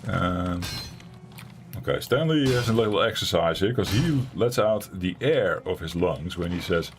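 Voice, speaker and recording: A man's voice: deep voice, lively intonation, measured pace, a little hiss or hum. A man with a Dutch accent chatting casually while playing a game, rambling and talking to his viewers. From Netherlands. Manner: chatty and rambling, talking to chat between tasks. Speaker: game streamer. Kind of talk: casual gameplay commentary.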